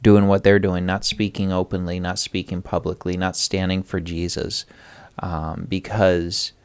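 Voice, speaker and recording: A man reads a Bible passage aloud, then speaks earnestly and conversationally about sharing faith with others in a Bible study discussion. His low voice is smooth and unhurried, with a flat delivery.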